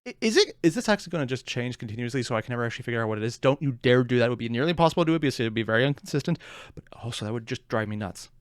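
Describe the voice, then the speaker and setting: A man hosting a reaction channel, giving casual, wry commentary in an animated way. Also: mid-range voice, rapid-fire, clear, resonant tone, dry recording, clean studio sound. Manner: animated and wry, often laughing.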